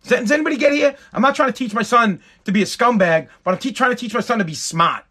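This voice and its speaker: A man's voice: very high voice, quick pace, sharp tone. A father talking straight to his viewers in a blunt, profane rant, often repeating and restarting his words. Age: adult with a school-age son. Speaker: vlogger and father. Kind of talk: casual ranting monologue to viewers.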